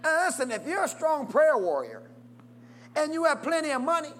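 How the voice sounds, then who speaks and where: A man's voice: big pitch swings, moderate pace. A man preaching a sermon, constantly calling out questions for the congregation to answer and urging them to say amen. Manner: call-and-response preaching with wide swings in pitch and loudness.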